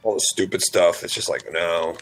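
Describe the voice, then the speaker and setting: A man's voice: low-pitched, fairly even intonation, normal speed, faint music behind, low-quality recording. A man in casual podcast chat, dry and offhand, joking about his own jobs. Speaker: podcast co-host.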